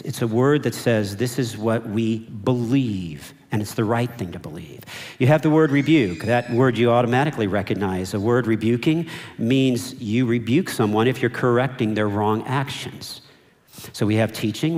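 A man's voice: medium pitch, a little mellow. A man preaching a sermon as pastor, emphatic and repeating key phrases, drawing the congregation in. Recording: long reverb of a large hall.

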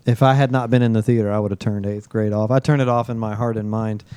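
Mellow, smooth-voiced male podcast host. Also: on the low side, steady tone, fast, dry recording. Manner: rambling storyteller, laughs often. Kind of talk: casual podcast chat. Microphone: close podcast mic.

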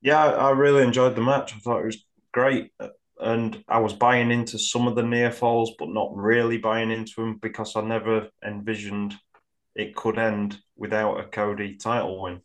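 Brief: lowish flat male guest, measured. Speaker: podcast guest. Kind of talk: casual review chat.

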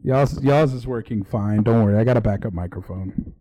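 A man's voice: fairly low pitch, a little fast, dark tone. A man hosting a casual livestream chat, rambling and swearing offhandedly. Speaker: podcast host.

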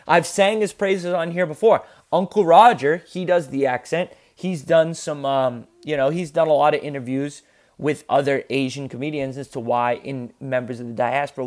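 A man co-hosting a podcast in casual comedic chat, talking in an opinionated, emphatic and joking way. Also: on the high side. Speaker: podcast co-host.

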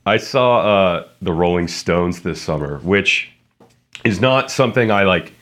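A podcast host with a very deep, low voice chats casually with his guests. He meanders through his thoughts in an easy, unhurried way, with plenty of filler words along the way. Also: expressive, fairly bright tone.

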